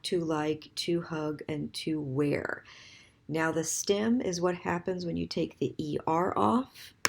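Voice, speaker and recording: A woman's voice: low voice, vocal fry, a little mellow. A woman teaching a recorded grammar lesson, patiently spelling out word endings letter by letter and counting to three before giving each answer. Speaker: French teacher.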